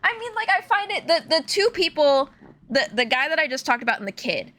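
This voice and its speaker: A young woman from Illinois, a streamer telling stories in casual, animated chat full of fillers while she plays a game. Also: high-pitched, fairly quick. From Illinois, USA. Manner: animated, chatty, filler-heavy, laughs often. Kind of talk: casual storytelling while gaming.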